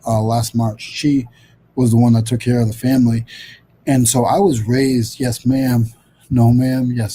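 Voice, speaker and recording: Mellow rambling man hosting a livestream. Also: mid-range voice, slight background noise, poor audio. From Rhode Island. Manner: rambling, many fillers and restarts. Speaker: host. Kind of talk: casual livestream chat. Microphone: video call.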